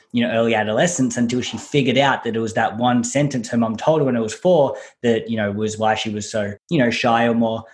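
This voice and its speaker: A man co-hosting a podcast, explaining his views in an earnest way. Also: medium pitch. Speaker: podcast co-host. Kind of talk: casual podcast chat.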